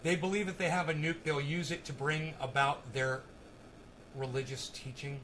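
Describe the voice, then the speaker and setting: A man with a high, bright and cutting voice rants into his phone on a live stream. He swears heavily and yells at people in his chat. A faint hiss of noise sits under the recording. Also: fairly even intonation, moderate pace, poor audio. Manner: profane, shouts angrily at chat commenters. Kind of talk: ranting live stream commentary.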